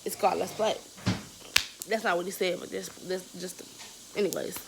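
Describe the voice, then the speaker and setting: A young woman vlogger telling a story in a casual, animated, slangy and profane way. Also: lowish voice, normal speed, vocal fry, a little hiss or hum, poor audio.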